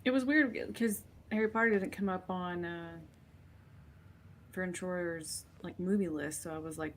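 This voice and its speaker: A woman's voice: lowish voice, unhurried, slight background noise. A woman joining a podcast chat from off mic, asking unsure questions. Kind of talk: casual chat.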